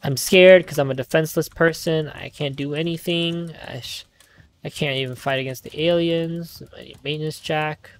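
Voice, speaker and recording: A man's voice: fairly high pitch, fairly even intonation, moderate pace. A man streaming a game live, commenting nervously as he plays, rambling and often swearing.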